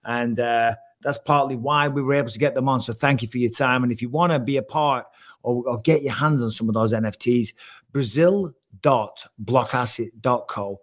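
A male host runs a casual sports talk show with energy and quick jokes. He hops from topic to topic. His voice sits at a middling pitch.

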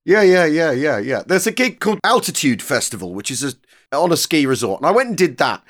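Male podcast host, chatty, fairly high voice, very lively pitch swings. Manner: lively, chatty, fast repeated agreement. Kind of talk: casual podcast chat.

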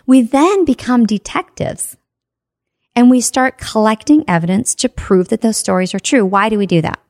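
A woman's voice: mid-range voice, a little mellow, no echo, studio quality. A woman giving a motivational talk on personal growth, emphatic, with rhetorical questions and checks like "right?".

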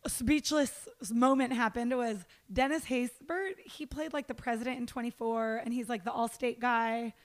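A woman who works as a red carpet interviewer, telling stories in a casual chat, animated and full of "like" and "dude". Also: fairly high pitch, moderate pace, few pauses. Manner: animated storyteller, lots of "like" and "dude".

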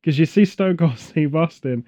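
A man's voice: a little high, normal speed, dark tone. A British man hosting a podcast, rambling and joking in casual chat with exaggerated tangents. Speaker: podcast host. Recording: dull lo-fi audio.

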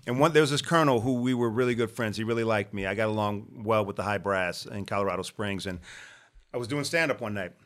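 A man with a bright, forceful voice spins a long story in a relaxed podcast conversation. He slips into the voices of the people he quotes and keeps the tale moving. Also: on the low side, fast talker. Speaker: podcast guest. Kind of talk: storytelling in casual chat.

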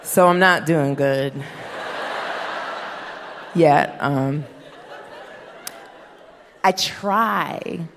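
A woman in her thirties doing stand-up, her delivery unhurried and her voice on the low side, with blunt, profane, deadpan punchlines. Her voice carries a long reverb and a faint hiss from the room. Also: a faint crowd. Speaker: stand-up comedian. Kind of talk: stand-up comedy set. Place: stage before a live audience.

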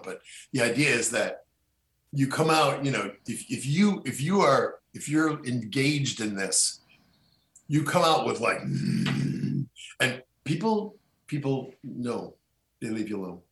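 A man's voice: medium pitch, animated, moderate pace, a bit bright. A middle-aged man talking casually as a podcast guest, rambling with many restarts and fillers. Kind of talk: casual conversation. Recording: echoey room.

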